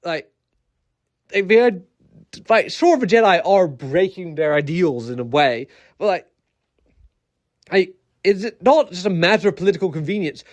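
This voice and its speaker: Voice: mid-range voice, lively intonation, moderate pace, long pauses. A video essayist ranting casually, rambling through many fillers and restarts with exasperated, incredulous asides.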